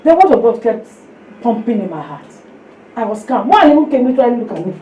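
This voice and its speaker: High-voiced woman preaching. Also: fast talker, dull audio, slight background noise. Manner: animated storytelling, acting out voices, exclamations. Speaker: women's fellowship preacher. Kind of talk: sermon with personal testimony. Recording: echoey room, distant mic.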